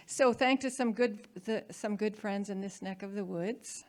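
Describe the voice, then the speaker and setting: A woman's voice: medium pitch, a little slow. A woman hosting a live storytelling event in a hall, introducing the next speaker. She talks conversationally, with small stumbles. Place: hall before a live audience.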